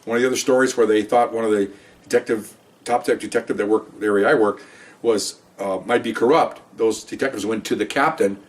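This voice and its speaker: Speaking with a fairly low, fairly even voice at a brisk clip, a man in his sixties who once worked as a police detective shares stories. His casual storytelling wanders through many asides, and the mic catches him from a slight distance.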